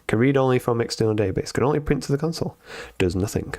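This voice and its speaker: A man on a live stream reading programming lessons aloud and thinking out loud as he codes, with frequent ums and restarts. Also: mid-range voice, rapid-fire, no echo, clean studio sound. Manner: thinks aloud with many fillers and self-corrections. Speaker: streamer learning to code.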